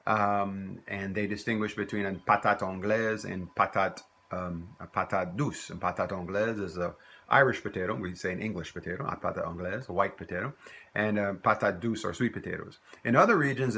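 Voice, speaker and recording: A man from teaches a recorded lesson, with a lowish, husky voice and a forceful edge. He explains patiently and step by step, repeating short example phrases. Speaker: French teacher.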